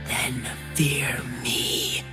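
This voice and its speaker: A woman's voice: very deep voice, level tone, drawn-out words, music in the background, full character voice. An actress with a Greek accent voicing a stern, commanding female warrior in an English game dub, cold and scornful. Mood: menacing. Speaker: game character.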